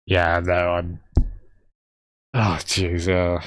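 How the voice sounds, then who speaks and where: A man's voice: deep voice, completely flat delivery, extremely slow, no room sound. Laid-back man streaming a game. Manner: chatty, laughs often, talks to chat by name. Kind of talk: live game commentary.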